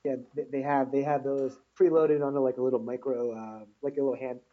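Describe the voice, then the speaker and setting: A man's voice: medium pitch, level tone, a little fast. A man co-hosting a casual podcast, agreeable and hesitant, with lots of fillers and restarts. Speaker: podcast co-host. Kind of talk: casual chat. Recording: dull lo-fi podcast audio.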